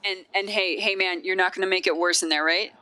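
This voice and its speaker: Man, tabletop player, bright tone, smooth voice, steady. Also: high-pitched, brisk. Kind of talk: in-character tabletop role-play.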